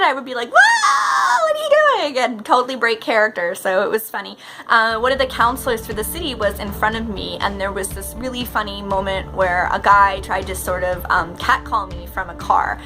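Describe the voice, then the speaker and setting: A woman's voice: mid-range voice, a little fast, music in the background. A chatty, bubbly woman, talking casually to the camera in a vlog. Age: 30s. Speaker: professional mermaid vlogger.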